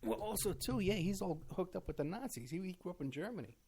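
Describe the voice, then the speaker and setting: A man's voice: high voice, very animated, fast talker, darkish tone, slightly rough. A man who is a guest in a casual conversation, agreeing often and laying out details with hesitant fillers.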